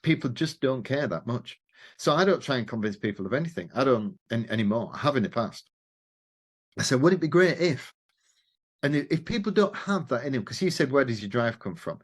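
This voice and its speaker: A man's voice: medium pitch, brisk, husky. A middle-aged man, a podcast guest telling stories in casual conversation and acting out the dialogue he quotes. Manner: animated, acts out quoted dialogue, swears casually. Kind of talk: conversational storytelling.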